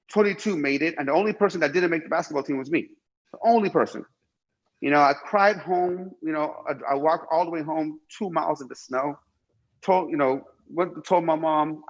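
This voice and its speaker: A man's voice: on the high side, fairly quick, lo-fi sound. A middle-aged man from Iran telling his life story emphatically in an interview, repeating himself and swearing freely. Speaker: guest.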